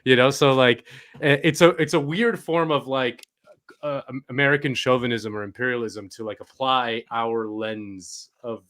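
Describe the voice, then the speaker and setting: Male podcast co-host from Spain, mid-pitched, rambling and chatty. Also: fairly even intonation, moderate pace, a bit bright. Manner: rambling and conversational, many fillers and asides. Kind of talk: casual political chat.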